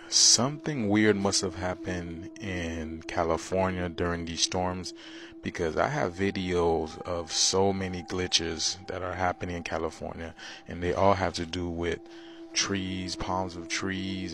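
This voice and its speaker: A man vlogging casually to viewers, excited and drawing out his words. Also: deep voice, soft background music. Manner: excited, drawn-out speech. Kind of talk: casual vlog talk.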